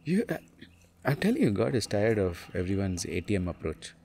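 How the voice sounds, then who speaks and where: A man, a spiritual teacher, talks casually and bluntly in an animated way, laughing often and calling the listener man and dude. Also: on the low side, a little fast, creaky, breathy edge.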